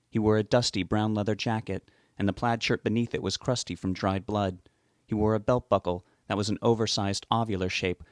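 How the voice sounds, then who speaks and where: A man narrates a novel in a steady, measured way. His voice sits fairly low and is recorded dry and close, with no room sound. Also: no echo. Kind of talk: audiobook narration.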